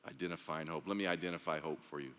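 A man's voice: very deep voice, steady tone, fast. A male pastor preaching an earnest, conversational sermon in a church. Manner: earnest, conversational, with restarts and soft drops. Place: church sanctuary. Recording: echoey church sanctuary.

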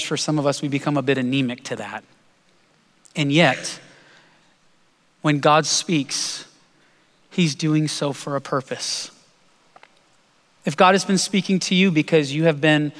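A man's voice: a little high, a bit bright. Male pastor preaching a sermon, earnest storytelling, big echoey church hall. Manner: earnest storytelling, slowing for emphasis. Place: church sanctuary. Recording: long hall reverb.

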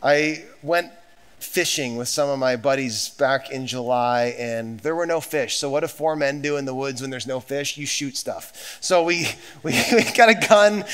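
A man's voice: mid-range voice, animated, normal speed, a bit bright. A man preaching a sermon as pastor, emphatic and repetitive, with conversational asides to the congregation.

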